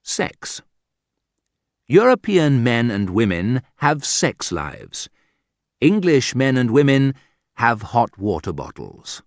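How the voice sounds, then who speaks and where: A man reading a humorous book aloud in a dry, wry manner, with sudden lifts in pitch. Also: big pitch swings, slow, no echo. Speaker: audiobook narrator. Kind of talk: scripted humorous narration.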